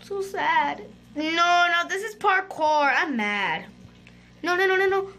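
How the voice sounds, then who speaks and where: Girl hosting a let's play, super high and bright voice, excitable, yelling at the game. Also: a little slow, faint music behind. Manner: excitable, shrieking and chattering to viewers. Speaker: gaming channel host.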